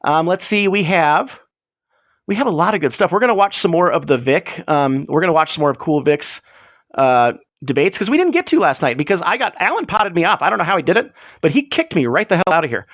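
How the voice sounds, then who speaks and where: High, lively man ranting on a stream. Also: brisk, dry recording. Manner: rambling, profane, mock-ranting. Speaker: livestream host. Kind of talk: casual livestream chat.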